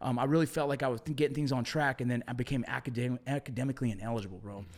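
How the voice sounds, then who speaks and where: A middle-aged man telling stories from his past as a podcast guest, swearing a lot and slinging slang in casual, animated talk. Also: mid-range voice, very fast. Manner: profane, animated storytelling with slang like bro and dog. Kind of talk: casual storytelling conversation.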